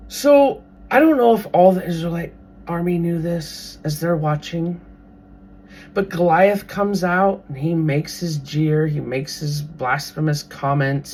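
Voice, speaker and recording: A podcast host retelling a Bible story in a casual, animated way, now and then acting out what the characters might think. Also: mid-range voice, a little slow, a little hiss or hum. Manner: animated, briefly acts out characters' thoughts.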